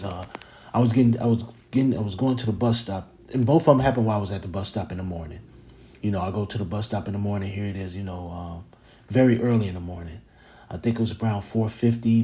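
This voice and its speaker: A man's voice: lowish voice, a little mellow, slight background noise. A man giving a casual spoken religious lesson, informal and profane, with plenty of fillers and repeated phrases.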